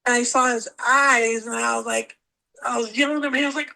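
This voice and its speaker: A woman with a fairly high voice tells her own stories in a casual interview. She rambles and repeats words, and she acts out the things she said. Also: fairly even intonation, quick pace, gravelly, bright, forceful tone, rough recording. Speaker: guest.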